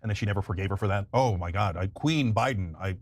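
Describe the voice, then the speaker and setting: A male talk show host delivering emphatic, animated political commentary. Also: fairly low pitch, fast talker, dry recording.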